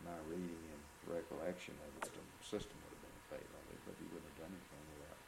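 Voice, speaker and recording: Deep gravelly older man reminiscing. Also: steady tone. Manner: reminiscing, anecdotal, measured with restarts. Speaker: interviewee, retired central bank economist. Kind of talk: oral history interview. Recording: echoey room with background noise.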